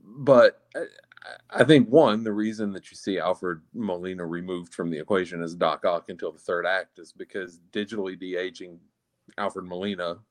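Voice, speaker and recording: A man co-hosting a podcast, chatting casually about a film in an eager, loud way. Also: deep voice, steady tone, normal speed, dry recording, clean studio sound. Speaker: podcast co-host. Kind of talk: casual film review chat.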